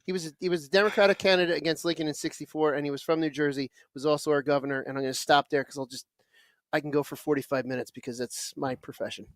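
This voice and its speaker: A man's voice: a little high, fairly even intonation, fast talker, dry recording. Wry man telling stories on a podcast. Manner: storytelling, wry, history buff. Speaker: podcast co-host and amateur goalie. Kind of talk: casual hockey podcast chat.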